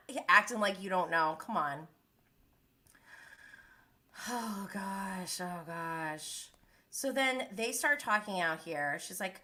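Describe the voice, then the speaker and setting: A woman in her thirties with a bright, sharp voice, ranting through a reality show recap on her live stream. She swings between disbelief and exasperation and slips into quick impressions of the cast as she goes. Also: mid-range voice. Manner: animated, exasperated, mimics the cast. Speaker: reality TV commentator.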